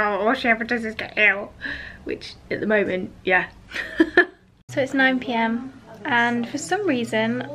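A woman's voice: mid-range voice, sharp tone. Weary young British woman vlogging in pain. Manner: chatty, rambling, with frequent ums and little laughs. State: in pain from back spasms, tired and weepy. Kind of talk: casual personal vlog.

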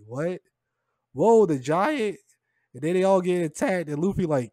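A man's voice: a little high, lively intonation, moderate pace, a little mellow, no echo, clean studio sound. A man recapping and reacting to a comic chapter in a loose, slangy way, throwing in "man" and "bro" constantly. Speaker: manga chapter reviewer.

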